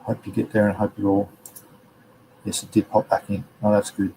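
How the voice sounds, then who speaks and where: A man's voice: fairly low pitch, completely flat delivery, normal speed, gravelly, dark tone, slight background noise, rough recording. An Australian man hosting a live show, chatting casually and rambling with slang. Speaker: host. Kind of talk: casual live-stream chat, reading chat messages.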